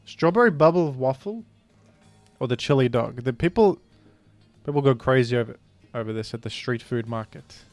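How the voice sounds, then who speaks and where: A man streaming a food guessing game, talking casually with animated, incredulous outbursts. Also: medium pitch, moderate pace, no echo, faint music behind. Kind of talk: casual gaming commentary.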